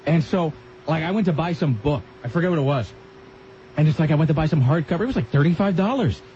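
A man's voice: fairly high pitch, fast talker. A man hosting a radio talk show, rambling and sarcastic with vivid comic asides. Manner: rambling, sarcastic, animated impressions. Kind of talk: casual radio banter. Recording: dull radio broadcast with faint hiss.

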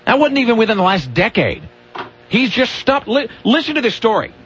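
A man's voice: very high-pitched, big pitch swings, fairly quick, fairly bright tone, a little hiss or hum. A man hosting a radio show, talking in a rambling way with restarts and grumpy rants. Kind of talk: casual radio banter. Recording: dull lo-fi radio broadcast.

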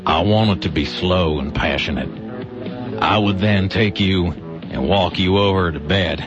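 A man voicing a deep-voiced seductive man, reading a love letter slowly and low for laughs on the radio. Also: over music. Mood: mock seductive. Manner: slow, low, drawn-out. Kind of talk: comic read of a letter on radio. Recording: dull lo-fi radio audio.

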